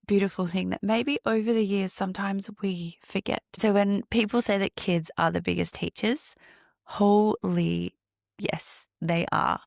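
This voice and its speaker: A woman hosting her own podcast, reflecting on healing and breathwork, laughing often and slowing into a guided meditation. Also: mid-range voice, creaky, no echo, clean studio sound. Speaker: podcast host and breathwork coach.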